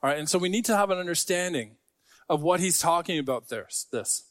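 A man's voice: high voice, animated, a little fast, fairly bright tone, dry recording. A man preaching a sermon to a congregation, talking in a conversational way with joking asides. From Scarborough. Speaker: pastor.

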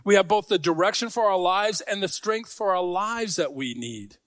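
A man's voice: high voice, normal speed, a bit bright, dry recording, studio quality. A man preaching a sermon to a congregation, talking in a conversational way with joking asides. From Scarborough. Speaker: pastor.

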